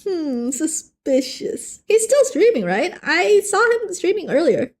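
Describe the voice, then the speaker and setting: A young woman's very high-pitched voice moves at a slow pace as she draws and chats on her art stream. Her manner is playful and animated; she jokes with viewers and restarts sentences frequently.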